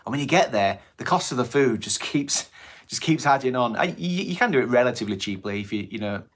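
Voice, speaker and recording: A man co-hosting a casual live show, often halting to search for words. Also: mid-range voice, lively intonation. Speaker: podcast co-host. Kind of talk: casual live-stream chat.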